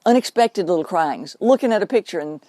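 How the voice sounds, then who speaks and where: A woman's voice: on the low side, lively intonation, a little fast, mellow, no room sound. A woman hosting her own show, talking unscripted to camera in an earnest, explaining way and drawing out words for emphasis. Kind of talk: unscripted direct-to-camera talk.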